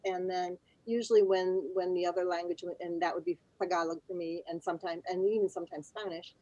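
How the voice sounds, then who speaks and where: A woman's voice: on the low side, steady tone, brisk, mellow, no room sound, highs cut off. A woman writer and teacher on a literary panel, speaking thoughtfully and searching for words as she goes. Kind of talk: panel discussion.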